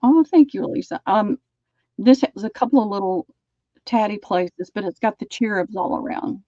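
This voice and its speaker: A woman hosting a live-stream sale, chatting and describing lace items slowly. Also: mid-range voice, dark tone, dry recording, highs cut off.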